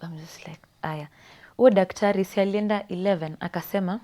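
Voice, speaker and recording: Young Kenyan woman guest, lowish voice, confiding story, slips into whispers. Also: brisk, mellow. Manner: often drops to a breathy whisper, switches between English and Swahili slang. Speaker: podcast guest. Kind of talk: personal storytelling. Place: podcast studio.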